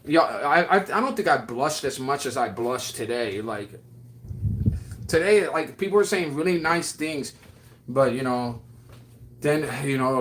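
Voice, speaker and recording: On his livestream, a man with a mid-range voice rambles affectionately as he answers viewers, filling his casual chat with lots of fillers. There's slight background noise.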